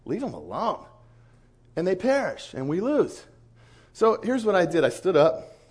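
A man giving a storytelling sermon as a missionary speaker, animated and acting out the voices of people in his stories. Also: high voice, normal speed. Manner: animated, acts out quoted voices. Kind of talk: storytelling sermon to a conference crowd.

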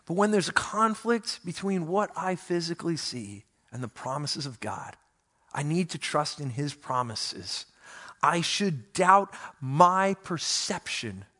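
A man, a pastor, preaching a sermon with animated, self-mocking storytelling and playful complaints to God. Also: on the high side.

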